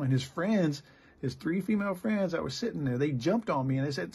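A middle-aged man from the United States preaches with a rough, creaky rasp running through every phrase. He talks bluntly and plainly, like a pastor giving real talk. He often stumbles and restarts mid-sentence. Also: a little high, expressive, a little fast, darkish tone. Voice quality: gravelly and very raspy. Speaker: pastor and missionary. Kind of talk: candid sermon.

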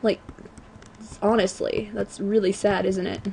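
A teenage girl at home giving chatty, self-mocking commentary on a video game, often apologizing and breaking into excited outbursts. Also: mid-range voice, a little slow, gravelly, slight background noise. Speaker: let's play gamer. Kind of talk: casual gameplay commentary.

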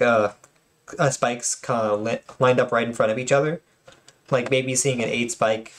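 A man casually commenting on game replays, often stuttering and restarting his words, with apologetic asides. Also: mid-range voice. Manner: self-conscious, apologetic asides.

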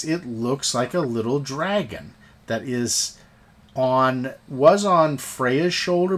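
A man narrating a tabletop game as game master, halting and often repeating words. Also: medium pitch, a bit bright.

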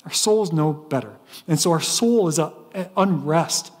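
A man's voice: a little high, animated, moderate pace, in a large hall. A man preaching a sermon as pastor, telling stories with frequent restarts. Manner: storytelling preacher with repeated restarts. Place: church sanctuary.

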